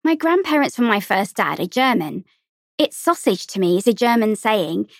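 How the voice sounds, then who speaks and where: A woman voicing a dry-witted teenage girl who talks in a deadpan way. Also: mid-range voice, normal speed, vocal fry, no echo.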